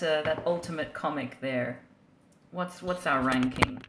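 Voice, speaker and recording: A woman's voice: sits low, lively intonation, unhurried, background noise. Playful giggly woman streamer, roomy sound. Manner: playful, giggly, reacts to chat. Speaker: live streamer reading comics. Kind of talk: casual stream chat.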